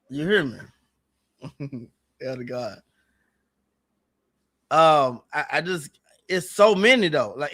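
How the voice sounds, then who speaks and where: A man's voice: a little high, bright, forceful tone. A man talking casually on a livestream, rambling and repeating himself in an earnest, aggrieved way. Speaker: streamer guest.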